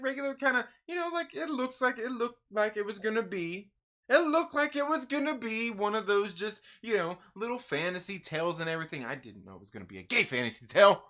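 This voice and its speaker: Brief Man, live-stream comics host, bright tone, loose and profane, laughs a lot. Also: sits high. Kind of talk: casual live-stream chat.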